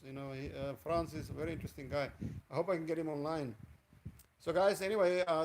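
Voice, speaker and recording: Rambling man, fairly high voice. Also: background noise. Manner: rambling, chatty, greets viewers by name. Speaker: live streamer. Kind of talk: casual live stream chat. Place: indoors in Cebu, Philippines, in the evening.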